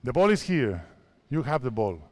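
A man in his fifties from Spain, a basketball coach speaking halting English with a Spanish accent as he directs players through drills at a clinic. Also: medium pitch, very animated, darkish tone. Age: 50s. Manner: halting non-native English, repeats phrases, directs players.

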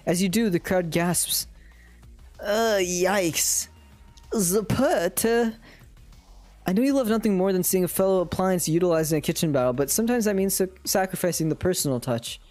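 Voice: mid-range voice, quick pace, hardly any pauses, mellow, no room sound, soft background music. A streamer casually reading a dating sim aloud on a live stream, swearing and laughing at their own slips.

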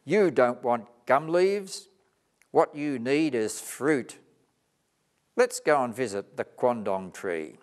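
A man voicing an eager, cheerful female tree in a children's story, with high, excited exclamations. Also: takes it slowly.

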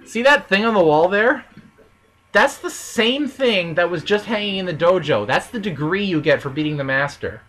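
A woman's voice: fairly low pitch, lively intonation, normal speed, a bit bright. A woman co-hosting a game let's play, chatting playfully, reading game text aloud and laughing often. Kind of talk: casual gameplay chat.

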